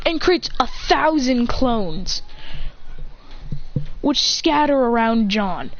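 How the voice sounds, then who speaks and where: A woman's voice: a little high, slow. Rambling woman telling a fan story. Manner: rambling and excited, many restarts. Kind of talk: improvised fan story narration. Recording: dull lo-fi recording with faint hiss.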